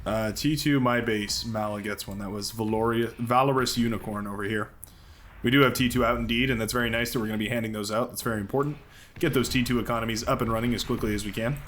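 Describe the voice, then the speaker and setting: A man's voice: lowish voice, steady tone, quick pace, fairly bright tone, a little hiss or hum. Upbeat American man commentating a strategy game. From United States. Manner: upbeat, chatty, many fillers and restarts.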